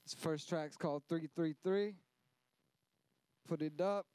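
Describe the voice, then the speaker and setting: A man's voice: fairly high pitch, slow pace, dark tone, clean tone, dry recording, low-quality recording. A man rapping his own verses in a rhythmic, hyped way, with a short introduction. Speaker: rapper.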